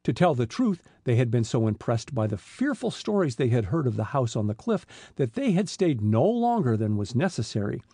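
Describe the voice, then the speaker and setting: A man narrating an adventure audiobook in a lively storytelling manner. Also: mid-range voice, moderate pace, few pauses, slightly rough, no echo, clean studio sound. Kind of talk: scripted narration.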